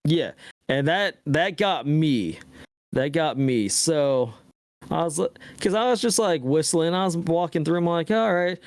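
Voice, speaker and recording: Higher-voiced man in profane gaming chat. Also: unhurried, smooth, dry recording. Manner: profane, animated retelling of his own reactions. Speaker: podcast co-host.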